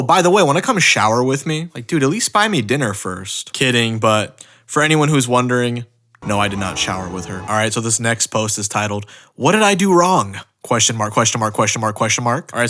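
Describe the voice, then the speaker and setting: A man's voice: fairly low pitch, pushed and bright. A man doing comedic commentary on online posts with a sarcastic, mock-dramatic delivery. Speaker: YouTube commentator.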